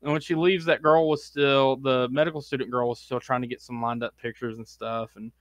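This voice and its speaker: A man co-hosting a podcast in casual chat, telling rambling anecdotes full of "like" and quick laughs. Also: medium pitch, fairly even intonation, no room sound. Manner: rambling anecdotes, heavy use of "like", laughs often. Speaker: podcast co-host.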